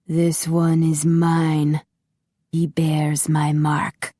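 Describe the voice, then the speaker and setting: A woman voicing a cold, commanding masked male vampire overlord who speaks in a slow, muffled, measured way. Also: low voice, monotone, warm tone, no echo, clean studio sound, full character voice.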